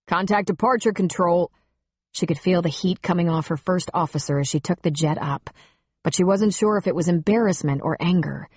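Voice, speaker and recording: A woman narrating an audiobook in a steady, wry storytelling manner on a close studio mic. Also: on the low side, fairly quick, husky, dry recording.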